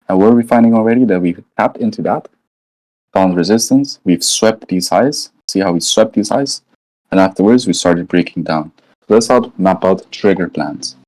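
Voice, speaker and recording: In this low-quality recording, a trading educator speaks with a low, darkish voice. He analyzes charts live in an easygoing, slangy way, musing aloud and often adding "right?"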